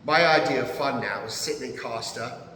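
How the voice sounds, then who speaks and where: A man in his fifties with an American accent, a podcast guest telling stories in an animated, profane way and laughing often. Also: mid-range voice, moderate pace, slight background noise. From United States. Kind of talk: casual storytelling. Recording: echoey room.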